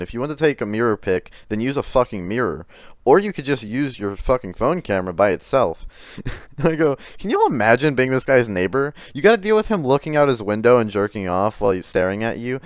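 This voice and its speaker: A man's voice: mid-range voice, no echo, studio quality. A man doing commentary on chat messages, exasperated and profane, often stammering and restarting his sentences. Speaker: commentary YouTuber.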